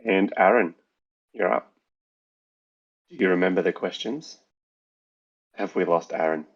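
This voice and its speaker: A man's voice: sits low, unhurried, husky. A man co-hosting a podcast in a laid-back, casual chat with chuckling asides. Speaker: podcast co-host. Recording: dull voice-call audio.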